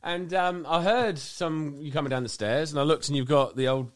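A man's voice: on the high side, normal speed. A man, co-hosting a podcast and telling crude, boisterous stories in casual banter. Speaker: podcast co-host.

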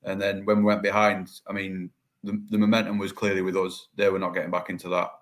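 Man, low flat voice, fast talker, co-host, casual football chat, matter-of-fact. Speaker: podcast co-host.

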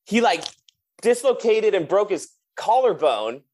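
A fairly high-voiced man tells tour stories in a loose, animated way. He slips into other people's voices as he retells their words. The talk is relaxed and conversational. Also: measured pace. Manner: animated storyteller, acts out quotes. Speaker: touring drummer telling stories. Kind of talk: casual chat.

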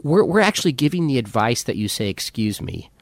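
A man co-hosting a podcast, talking in a wry, teasing way and quick to laugh. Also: medium pitch, big pitch swings, dry recording. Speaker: podcast co-host. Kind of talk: casual conversation.

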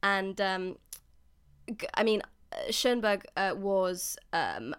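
A woman's voice: mid-range voice, sing-song, slow pace, fairly bright tone, clear, resonant tone. A woman co-hosting a podcast, chatting casually and giggling often as she talks about classical music. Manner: giggly, chatty, self-deprecating. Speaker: podcast co-host.

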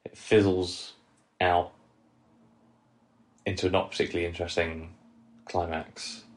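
A young man co-hosting a podcast, giving measured opinions in a hesitant way and often repeating his words. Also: deep voice, flat delivery. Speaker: podcast co-host. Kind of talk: casual chat.

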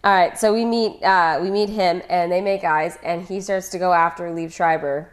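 Woman with a lowish voice, dry jokey movie banter, casual. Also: steady tone, moderate pace. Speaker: podcast co-host. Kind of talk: casual chat.

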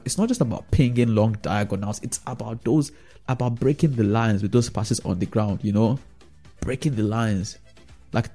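Speaking in a fairly low, dark-toned voice, a fan vlogger rambles casually through his opinions on football. He keeps checking in with the listener using tag questions.

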